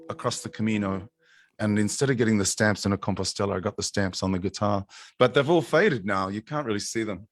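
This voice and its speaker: A man's voice: on the low side, fast talker. A man, a musician guest, telling a rambling story on a video call, with restarts. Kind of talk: casual chat and singing with guitar. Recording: guitar playing under the voice. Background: acoustic guitar.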